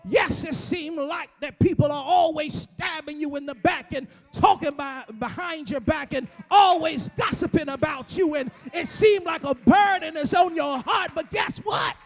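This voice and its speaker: A man preaching a sermon, building to a shouted, chanting cadence with repeated call-and-response lines. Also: very high voice, normal speed, hardly any pauses.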